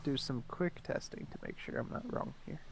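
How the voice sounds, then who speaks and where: A man's voice: fairly quick, a loud crowd. A young man bantering playfully with friends while they play a game together. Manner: teasing, playful. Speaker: teammate in voice chat. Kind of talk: casual gaming banter. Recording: voice chat mic with background noise.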